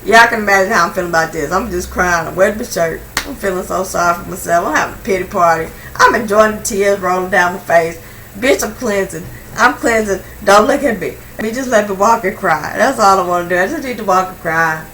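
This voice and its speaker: A young woman vlogger telling a personal story in a casual, slangy, animated way, swinging between hushed and loud. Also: mid-range voice, brisk, recorded from a distance, slight background noise, rough recording.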